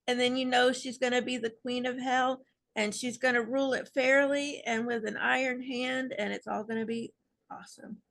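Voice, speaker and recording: A woman on a fan panel recapping an episode with animated, playfully sarcastic asides. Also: high-pitched, normal speed, creaky. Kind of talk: casual fan panel discussion.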